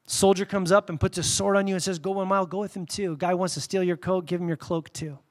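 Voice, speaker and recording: A man preaching a sermon, telling stories candidly, with sudden loud bursts and quiet, reverent drops. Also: sits high, fairly quick, hardly any pauses. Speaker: pastor.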